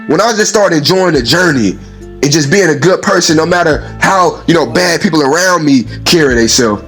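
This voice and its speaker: A man talking casually and at length, telling everyday stories in an animated way, acting out other people's voices and laughing often. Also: a little high, brisk, soft background music. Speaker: speaker in a played clip. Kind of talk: casual storytelling monologue.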